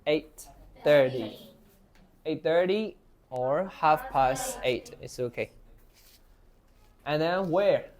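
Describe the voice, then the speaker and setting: A man's voice: fairly high pitch, slow, long pauses, crowd noise. A man teaching an English class, asking students questions and modeling phrases for them to repeat. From Myanmar. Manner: encouraging, asks questions, models phrases for repetition.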